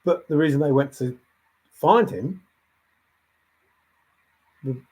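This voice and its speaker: A man's voice: a little high, slow pace, darkish tone, husky. A man hosting a livestream, thinking aloud in a rambling way and answering chat comments as they come in. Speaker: livestream host.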